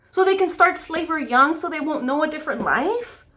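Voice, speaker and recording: A woman's voice: sits high, lively intonation, brisk, hardly any pauses, a bit bright. A woman makeup vlogger ranting angrily with lots of swearing and pleading questions while she does her makeup. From United States. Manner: angry, profane, pleading.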